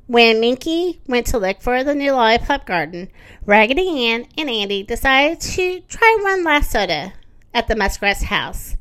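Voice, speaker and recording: Expressive woman reading a children's story. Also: a little high, moderate pace. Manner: expressive, lively.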